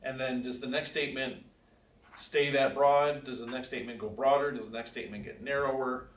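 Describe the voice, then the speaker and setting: A man's voice: mid-range voice, steady tone, fast, fairly bright tone. A man teaching a church Bible class in a casual, conversational way, asking the class questions and reading verses aloud with emphasis. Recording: echoey room, far from the mic, faint hiss.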